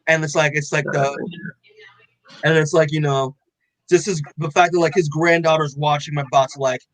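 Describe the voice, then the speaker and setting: A young man co-hosting a podcast, excitedly recapping a comic in loose casual chat, full of "like" and swearing, acting out the characters' lines. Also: a little high, moderate pace, no room sound, low-quality recording. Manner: excited, loose, heavy on "like" and swearing, acts out quotes. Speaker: podcast co-host.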